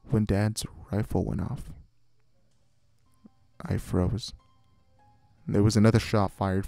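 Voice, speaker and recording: A man with a fairly low voice narrates a horror story in a measured, hushed delivery. The close, dry recording carries soft music underneath him. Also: vocal fry, no echo.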